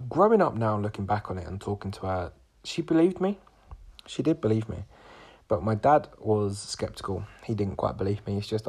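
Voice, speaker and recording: A young man in his twenties, a podcast host, recounts a personal story in a loose, rambling way. His voice sits low and sounds gravelly and husky, and he keeps circling back with fillers and restarts. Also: darkish tone. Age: 20s.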